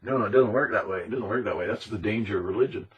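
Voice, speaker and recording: A man's voice: on the low side, very fast, slightly rough. A man delivering an impassioned, emphatic monologue, repeating himself and now and then mimicking other people's voices. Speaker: speaker on conspiracy topics.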